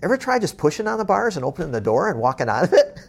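A man from the moving business tells motivational stories straight, with no sugarcoating and a few swear words. His voice is gravelly and a little husky. His pitch swings widely as he slips into the people he quotes. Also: sing-song, rapid-fire. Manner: blunt, tough-love, swears freely; acts out quoted conversations. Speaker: moving company executive. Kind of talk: motivational storytelling.

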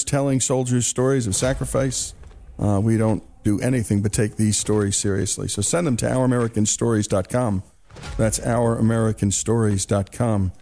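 A man's voice: medium pitch, warm tone. A male radio show host delivering scripted announcements and directly inviting listeners to send in their stories.

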